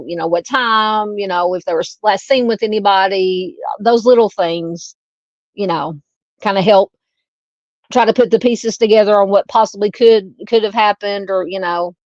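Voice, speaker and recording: A woman's voice: medium pitch, darkish tone, no room sound, highs cut off. A woman with a Southern US accent hosting a casual true crime live stream, rambling and chatty as she talks with viewers. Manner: rambling, chatty, lots of "you know" fillers.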